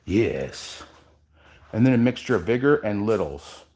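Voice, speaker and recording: A man leads a live epoxy workshop demo, chatting casually with his viewers. His pitch swings widely, rising high when he greets the chat and sinking low and quiet as he concentrates on the work. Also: lively intonation, fairly quick. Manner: casual, chatty, addresses viewers directly, drifts quiet while working. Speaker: epoxy artist and workshop host.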